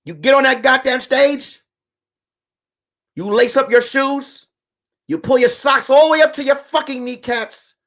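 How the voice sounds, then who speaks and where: A man's voice: extremely high pitch, steady tone, measured pace, long pauses, a bit bright, voice pushed up, exaggerated voice. A man voicing a bossy, doting wife who scolds and urges her husband on, cursing and repeating his pet name. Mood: scolding.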